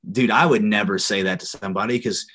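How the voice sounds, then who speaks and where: A young man with a lowish voice tells a story in a casual, heated way. He swears constantly and talks freely. He sounds like a podcast guest going off on a rant. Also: fast, fairly bright tone, husky. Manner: profane, heated, swears often. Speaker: podcast guest, former wrestler.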